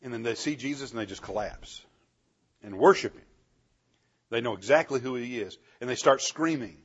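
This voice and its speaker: A man teaching a Bible class, animated, asking the class questions and chuckling often, on a dull lo-fi recording. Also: medium pitch, normal speed, breathy edge.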